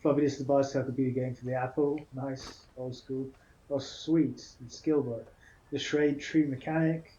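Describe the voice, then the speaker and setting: A man's voice: mid-range voice, warm tone, highs cut off, a little hiss or hum. A man hosting a game let's play, reading dialogue choices and commenting in a matter-of-fact way.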